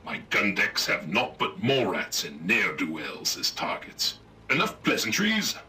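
An actor playing a pompous, old-fashioned robot ship captain who barks formal naval orders, in a video game. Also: male voice, wildly swooping pitch, measured pace, pushed and bright, heavily acted. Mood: commanding. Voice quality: booming formal naval diction.

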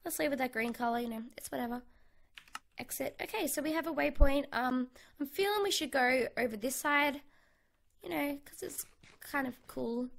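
Over a USB condenser mic in her bedroom, a young Australian woman casually talks through a survival game for her gaming channel, bubbly and thinking out loud. Her high voice has vocal fry and a slightly bright quality, moving at a moderate pace.

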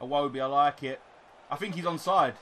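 A young British man commentating live on his football video game, excitable and sweary, shouting when goals go in. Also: fairly high pitch, fairly quick, slight background noise. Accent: British English. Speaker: gaming YouTuber.

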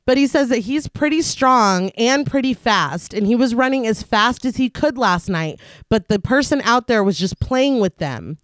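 A woman's voice: a little high, animated, moderate pace, hardly any pauses, no echo, clean studio sound. A woman co-host of a podcast, narrating a film's plot in a casual recap and laughing often.

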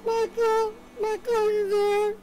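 A man's voice: sits high, measured pace, loud music behind the voice. A man voicing a fragile, rambling woman who sobs with grief and then chatters on sweetly. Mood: sobbing, grieving. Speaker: scambaiter.

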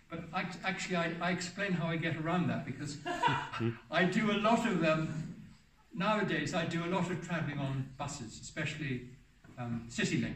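A man in his seventies gives a rambling, anecdotal public talk in a hall about his life as a hermit, often restarting and correcting himself mid-sentence. His voice is on the high side, animated, fairly bright, and moderately paced. A distant mic gives the recording a roomy sound.

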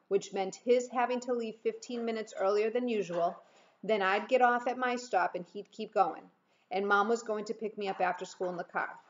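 A woman teacher reading a novel aloud in a steady storytelling manner. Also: fairly high pitch. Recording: dull muffled recording.

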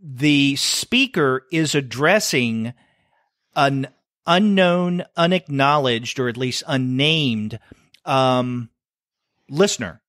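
A man's voice: medium pitch, lively intonation, slow, fairly bright tone, no echo. Rambling middle-aged man, dry mic. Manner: rambling, thinks aloud with fillers and restarts. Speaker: podcast co-host. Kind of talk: casual comics review chat.

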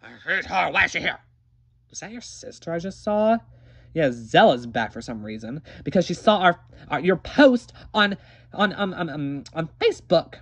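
Performer as an ostrich puppet, husky and crude, voice leaping all over the place. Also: medium pitch, sing-song, moderate pace. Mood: fed up. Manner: rambling, crude, joking. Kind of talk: comedic puppet-show acting.

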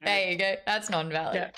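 A woman's voice: medium pitch, bright, forceful tone. A woman hosting a live book club stream, chatting casually, teasing and laughing often. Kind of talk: casual chat.

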